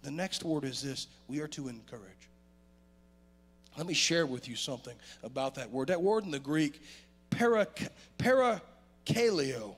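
A man delivers a sermon in a church with a gravelly edge to his voice. His pitch swings widely, climbing for emphasis and falling low for quieter points. His voice sits a touch higher than most men's. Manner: animated preaching with sudden loud rises and quiet drops. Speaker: pastor. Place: church sanctuary.

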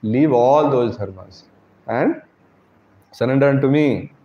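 A man's voice: medium pitch, slow pace. A man giving a devotional sermon to a congregation, posing rhetorical questions and often tagging on "right?". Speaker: preacher. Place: temple congregation hall. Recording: echoey hall, dull sound.

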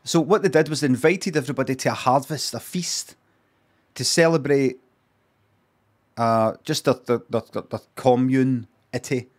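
A man's voice: medium pitch, normal speed. A man, chatting casually and swearing while streaming reaction commentary. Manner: chatty, swearing, rambling asides.

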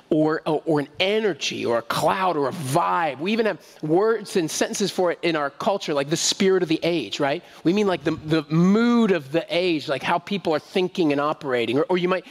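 Conversational male pastor in a reverberant church. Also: high voice. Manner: conversational, repeats himself, asks the congregation questions. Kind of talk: sermon. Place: church sanctuary. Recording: long reverb of a church hall.

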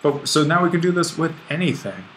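A man's voice: on the high side, animated, brisk, a bit bright, a little hiss or hum, rough recording. A man teaching a grammar lesson over an on-screen whiteboard, thinking aloud and correcting himself as he writes. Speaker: Greek instructor.

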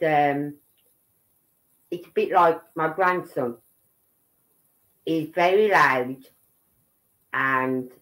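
She has a deep voice: a middle-aged Brummie woman from Birmingham, England, rambling chattily through casual commentary as a livestream host. "Right?" and "you know what I mean" keep popping up, and the recording is rough.

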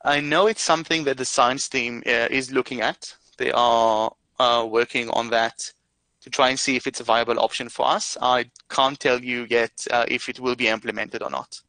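A man fields questions during an online session and explains features patiently, often pausing with filler sounds as he searches for the right phrasing. His voice is bright and forward, and the recording is dry and close. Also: mid-range voice, steady tone, dry recording, low-quality recording. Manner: careful, explanatory, many "uh" fillers. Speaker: product expert answering questions. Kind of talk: live Q&A explanation.

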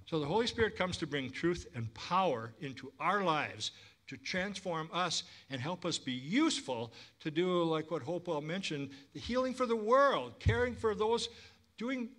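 Bright animated male pastor, slightly high voice, preaching a sermon with call-and-response. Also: normal speed. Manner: lively, calls for congregation responses.

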